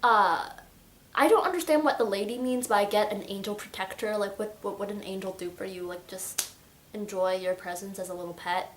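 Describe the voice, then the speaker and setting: A young adult woman chatting excitedly about a book in a casual vlog, full of filler words. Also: mid-range voice, normal speed, slight background noise. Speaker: book reviewer.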